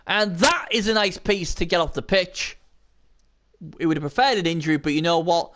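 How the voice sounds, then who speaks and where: A high-pitched man commentating a video game match live, his voice leaping all over the place. He chats casually, swears now and then and breaks into excited shouts when the action turns. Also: a little fast. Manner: excitable, bursts into shouting at big plays.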